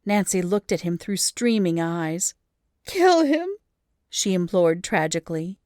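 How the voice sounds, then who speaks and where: A woman reading an old humorous story aloud as an audiobook, lively and expressive in storytelling. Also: fairly low pitch, normal speed, no room sound, studio quality. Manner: lively storytelling with rising emphasis in action scenes. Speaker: audiobook reader.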